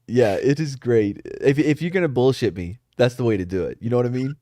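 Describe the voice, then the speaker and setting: A man chatting casually on a podcast, mid-pitched and loose. He tells stories with plenty of profanity and animated energy. His voice is recorded dry and close, with no room sound. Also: brisk, dry recording. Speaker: podcast co-host. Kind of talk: casual chat. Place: San Antonio.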